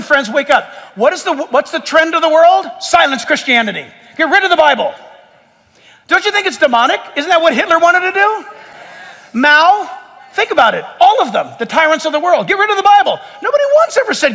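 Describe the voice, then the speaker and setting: A man's voice: very high voice, very animated, fairly quick, sharp tone, big-room sound. A man preaching a sermon to a church congregation with rising, emphatic delivery. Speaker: pastor. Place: church hall.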